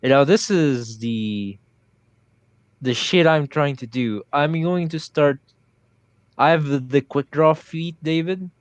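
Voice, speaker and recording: Slow, hesitant male player, smooth voice. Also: on the high side, no room sound. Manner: hesitant, thinks aloud, swears casually. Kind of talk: casual tabletop play.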